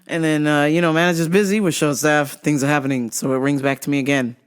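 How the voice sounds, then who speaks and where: A woman hosting a podcast who tells a comic story in an animated way, laughing often and swearing freely. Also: deep voice, quick pace, clean tone. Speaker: podcast host.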